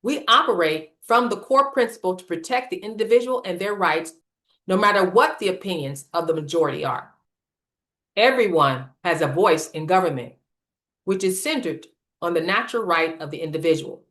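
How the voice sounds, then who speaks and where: A woman presenting a scripted political lecture in a measured, emphatic reading style. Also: on the low side, animated, fairly bright tone. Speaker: series presenter.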